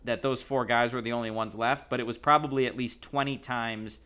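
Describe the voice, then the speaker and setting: A man's voice: mid-range voice, fairly even intonation, fairly quick, pushed and bright, clear, resonant tone. A man co-hosting a podcast, arguing his opinions in casual chat with fillers like "um" and "like". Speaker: podcast co-host.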